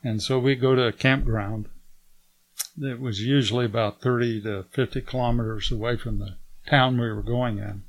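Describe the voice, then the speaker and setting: An older man shares a personal testimony as an animated storyteller. He talks at a middle pitch and slips into other people's lines as he recounts events. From United States. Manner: lively storyteller who acts out the dialogue. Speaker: guest giving a testimony.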